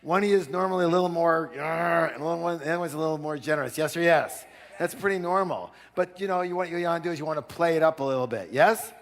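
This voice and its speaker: A man giving a live negotiation seminar, energetic and commanding, prompting the audience to answer. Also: a little high, quick pace, big-room sound.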